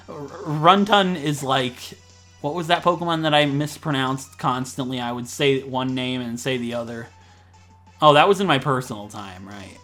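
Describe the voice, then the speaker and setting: A man from Ohio with a Midwestern American accent, rambling and joking fast through casual gameplay commentary. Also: medium pitch, fairly bright tone, soft background music. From Ohio, USA. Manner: fast-talking, rambling, jokey. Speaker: let's play commentator.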